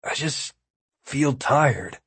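A man's voice: mid-range voice, sing-song, measured pace, husky, no echo, full character voice. A man voicing an exhausted, frightened man who speaks weakly and with strain. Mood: weary. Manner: weak, strained delivery.

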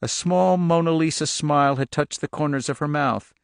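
A man reading a suspense novel aloud in steady, measured audiobook narration. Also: fairly high pitch, gravelly, smooth, dry recording, clean studio sound. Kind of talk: scripted narration.

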